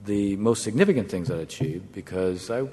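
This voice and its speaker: A man's voice: sits low, mellow, breathy edge. Wry man telling a story in a hall. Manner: measured, wry storytelling with brief chuckles. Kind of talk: anecdote told to an audience. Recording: long hall reverb.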